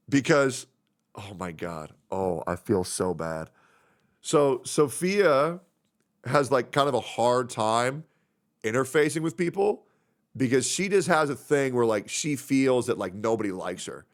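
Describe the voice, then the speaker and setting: A man streaming live who rambles, swears freely and gets openly emotional while reading out messages from friends. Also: mid-range voice. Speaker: livestreamer. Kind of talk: casual stream chat.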